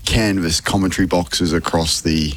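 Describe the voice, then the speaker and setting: A man's voice: deep voice, fairly even intonation, moderate pace, a little hiss or hum. A man, a sports radio commentator telling stories in casual on-air chat.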